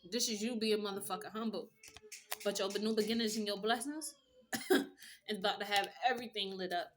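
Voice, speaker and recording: Woman, casual tarot reader, blunt and profane streetwise pep talk, mid-pitched voice, faint background noise. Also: brisk. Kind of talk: casual tarot reading monologue.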